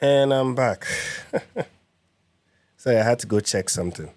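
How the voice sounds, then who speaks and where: A man's voice: medium pitch, takes it slowly, a little mellow, no echo. A man from Nigeria hosting a live reaction stream, repeating his points with emphasis and many fillers. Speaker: livestream host.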